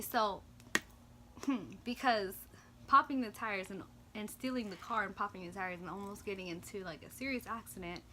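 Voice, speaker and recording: A young woman casually telling a storytime vlog, swinging from loud, high-pitched reenactments to quiet mumbling. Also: slight background noise. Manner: animated, swings into loud high-pitched retellings of quoted lines; drops to quiet, low mumbling in reflective parts. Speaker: vlogger.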